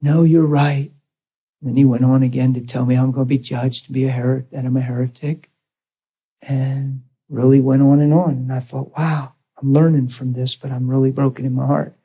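Husky-voiced man preaching a story. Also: mid-range voice, normal speed, highs cut off. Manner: earnest, animated retelling with quoted dialogue. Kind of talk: storytelling sermon.

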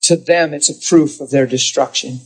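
Husky preaching man. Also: a little high, fairly even intonation, moderate pace, faint music behind. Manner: storytelling, emphatic and direct. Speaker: pastor. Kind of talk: sermon.

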